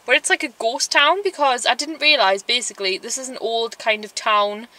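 A young woman talks through her week in a casual vlog. She tells stories in a run-on, chatty way, peppered with "like" and acted-out quotes. Her voice sits a little high and sounds bright and forward. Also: normal speed. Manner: animated storytelling, acts out quotes, lots of "like". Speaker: vlogger.

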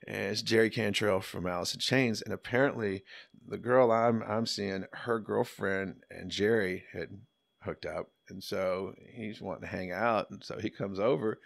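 Low-voiced man telling rowdy stories. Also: moderate pace, creaky, dry recording, studio quality. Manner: animated, profane, laughs through his stories. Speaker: podcast guest. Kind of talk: casual storytelling.

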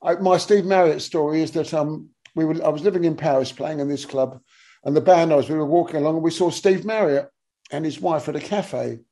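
A man in his sixties, a guest musician telling rambling, animated stories with lots of restarts and casual swearing. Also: a little high, fairly quick. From England. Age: 60s. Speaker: guest musician, bass player. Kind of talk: casual anecdotal interview talk.

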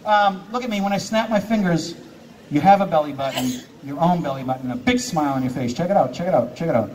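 Speaking fast and animated, a man with a slightly high, slightly mellow voice works a live theater stage as a hypnotist. His patter is full of playful commands to volunteers and frequent laughter, picked up as distant live stage sound.

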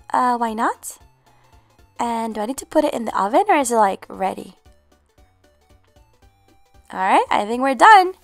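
A woman hosting a game roleplay video, commentating in an animated, exclaiming way and talking motherly to her in-game baby. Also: high voice, no room sound. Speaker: channel host.

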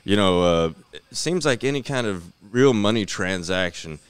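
A man's voice: fairly low pitch, expressive, moderate pace, smooth, dry recording. A man co-hosting a podcast, chatting in an easygoing, profane way. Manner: easygoing, profane, laughs often. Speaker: podcast co-host. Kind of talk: casual chat.

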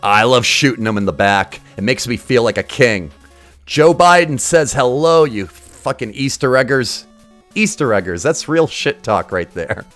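A man's voice: mid-range voice, a bit bright. A man streaming retro games, giving casual live commentary in a crude, sarcastic, joking way. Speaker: game streamer.

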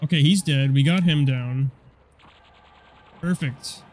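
A young man giving casual, profane commentary over a car combat game, rambling and quick to get annoyed. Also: medium pitch, slight background noise. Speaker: gameplay commentator.

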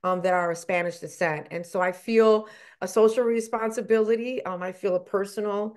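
A woman educator from Chicago, speaking in an earnest, emphatic way over a video call. Her voice sits at a middle pitch, and she leans on key points with a questioning "right?". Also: steady tone, brisk. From Chicago, USA. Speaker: educator and guest. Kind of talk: casual video chat.

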